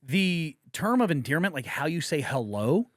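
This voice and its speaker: A man on a podcast with a high, bouncing voice that jumps all over as he tells stories. He is animated and swears freely, and he shouts out the lines he quotes. The sound is close and dry. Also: moderate pace, no echo. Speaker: podcast co-host. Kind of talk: casual podcast banter. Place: podcast studio.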